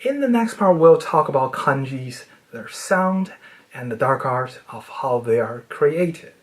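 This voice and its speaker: In a casual, educational monologue about language, a speaker explains things in a playful, nerdy way. The delivery is expressive and a little slow, with pitch swinging widely and phrases trailing off quietly at the ends.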